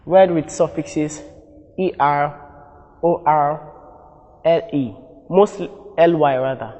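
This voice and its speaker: In a large hall on poor-quality audio, a man with a Nigerian accent runs an exam-prep lesson, slowly repeating example words for drill and self-correcting as he goes. His voice is slightly high and mellow.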